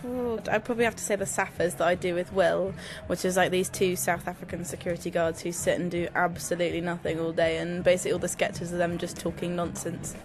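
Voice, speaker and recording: A woman's voice: lowish voice, little pitch movement, quick pace, few pauses, music in the background. A nineteen-year-old woman comedy performer, bubbly, explaining how a sketch came about.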